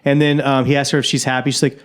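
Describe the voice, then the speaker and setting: A man's voice: medium pitch, flat delivery, smooth. A man co-hosting a comedy podcast about a horror film, chatting casually and acting out characters' lines in little voices. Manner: laid-back, quick to quote characters in little voices. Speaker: podcast co-host.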